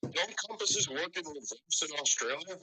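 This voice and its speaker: A man guesting on a live stream, chatting casually with dry, deadpan humor. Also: a little high, normal speed, crowd noise, low-quality recording. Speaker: guest podcaster.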